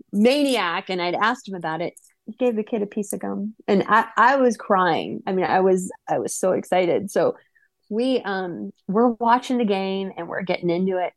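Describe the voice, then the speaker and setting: A woman in her forties from Wisconsin tells a personal story to an audience, animated and acting out the lines of herself and others. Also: medium pitch, creaky, no echo. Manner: animated, acts out her own and others' lines in quick bursts.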